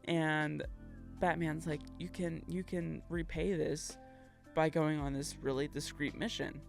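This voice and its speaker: A woman's voice: sits low, fairly even intonation, a little slow, creaky, soft background music. A woman co-hosting a podcast, recapping a game story in casual chat, acting out the characters' lines and laughing often. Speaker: podcast co-host.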